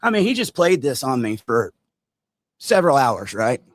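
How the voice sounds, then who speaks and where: A man vlogging a story to his viewers, animated and direct, acting out quotes as he goes. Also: mid-range voice, moderate pace, dry recording. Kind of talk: storytime vlog.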